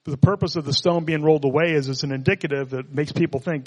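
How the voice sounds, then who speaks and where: Male preacher, relaxed and conversational, slightly raised pitch, reverberant hall. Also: fast. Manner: conversational, joking asides. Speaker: pastor. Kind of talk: sermon.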